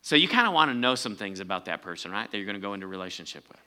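Male pastor, bright and forceful tone, casual sermon delivery with emphatic swells. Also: fairly low pitch, big pitch swings, rapid-fire. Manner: conversational preaching, rising to emphatic peaks.

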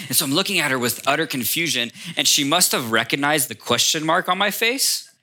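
A man, a pastor, preaching a sermon to his congregation as a lively storyteller who speaks straight to the room. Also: on the high side, brisk. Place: church before a congregation.

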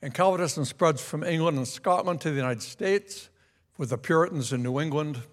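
A man teaching a Sunday school class on church history in a conversational lecture, asking the class questions and pointing out a map. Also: medium pitch.

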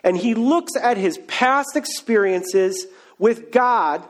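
A man's voice: high voice, lively intonation, slow. A man preaching a sermon, retelling a story in a casual, joking way. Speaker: pastor.

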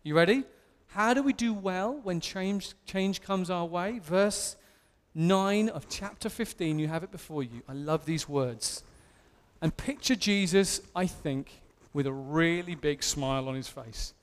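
English pastor, 30s, high voice, animated sermon, self-mocking, reverb from a big hall. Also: male voice, unhurried. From England.

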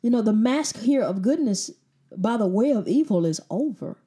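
Emphatic woman preacher, mellow voice. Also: fairly high pitch, animated, normal speed. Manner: emphatic, rhetorical questions, repeats phrases. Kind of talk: sermon.

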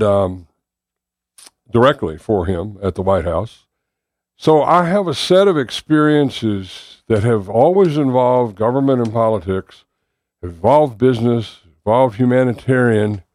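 A man with a Southern US accent answering interview questions as a political candidate, measured and pausing with fillers. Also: medium pitch, lively intonation, darkish tone, dry recording, studio quality.

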